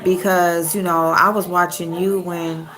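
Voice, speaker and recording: A woman's voice: fairly low pitch, little pitch movement, unhurried, over music, rough recording. A woman hosting a casual livestream from home, talking straight to her viewers in a blunt, chatty way. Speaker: livestream host. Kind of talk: casual live-stream chat with viewers.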